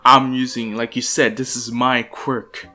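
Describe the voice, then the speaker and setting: A defiant young male hero, voiced by a man with a low, determined, steady way of speaking. Soft background music sits under the voice. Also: a little slow.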